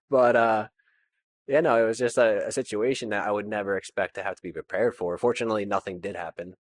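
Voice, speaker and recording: A man's voice: lowish voice, fairly even intonation, quick pace. A man, a landlord guest, telling his story casually with lots of fillers and nervous laughs.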